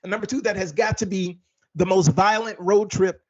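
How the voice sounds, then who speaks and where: A man's voice: sits high, steady tone, normal speed, a little mellow, highs cut off. A male comedian chatting as an interview guest, hesitant with many fillers. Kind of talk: casual interview chat.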